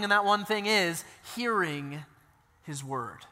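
High, bright-voiced male pastor preaching. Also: slow pace, in a large hall. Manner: conversational, animated storytelling with asides. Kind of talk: sermon.

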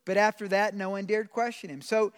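A pastor preaches to his congregation in a voice pitched quite high for a man. His delivery is earnest: he reads scripture aloud and drags out the phrases he wants to stress. His voice rings out with the long reverb of a big sanctuary. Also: steady tone, a little fast, smooth. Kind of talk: sermon. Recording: long reverb of a large room.

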